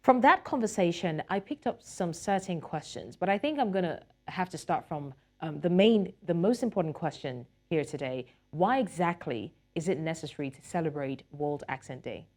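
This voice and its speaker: A woman's voice: on the low side, expressive, normal speed, few pauses, a little mellow. A woman hosting a TV talk show, putting formal questions to a guest with hesitant ums. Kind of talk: interview questions.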